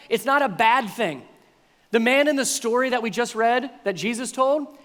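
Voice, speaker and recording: Male pastor, high-pitched, animated sermon delivery, reverberant sanctuary. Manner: animated, acts out voices of congregants with playful exaggeration. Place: church sanctuary.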